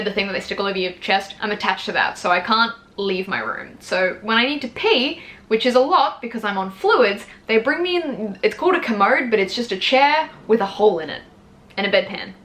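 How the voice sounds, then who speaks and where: Fast, bright-voiced chatty young woman. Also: medium pitch. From Australia. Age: 20s. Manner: chatty, frank and swears freely, acts out her own quotes. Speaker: vlogger. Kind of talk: casual storytelling to camera.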